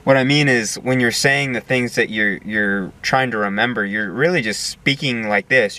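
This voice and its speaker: A man's voice: mid-range voice, normal speed, bright, forceful tone. A young man giving an earnest casual monologue, often repeating words as he searches for them. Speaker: video essayist.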